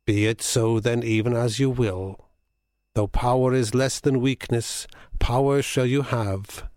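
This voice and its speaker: A man voicing an old nurse in a storybook reading, soft, grave and resigned. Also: medium pitch, steady tone, unhurried, dry recording, studio quality, close to an everyday voice. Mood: mournful.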